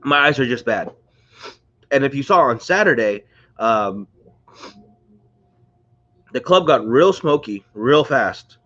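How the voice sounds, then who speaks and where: A man's voice: mid-range voice, lively intonation, slow, pauses often, a bit bright, muffled recording. A man hosting a casual livestream, rambling and chatty while sounding congested and under the weather. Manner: rambling, chatty, greets viewers. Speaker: livestream host. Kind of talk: casual live-stream chat. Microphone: close to a screen or phone.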